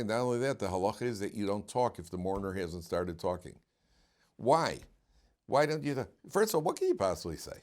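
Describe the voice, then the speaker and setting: A man's voice: sits low, darkish tone. A man, a rabbi giving an informal Torah class, talking animatedly many restarts and questions to his students.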